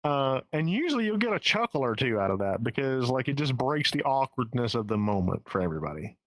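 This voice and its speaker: A man's voice: mid-range voice, sing-song, brisk, fairly bright tone, dry recording, rough recording. A man with a Southern US accent talking as a stand-up comedian guest in a casual podcast interview, candid and profane, often restarting his sentences. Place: home in the Pacific Northwest.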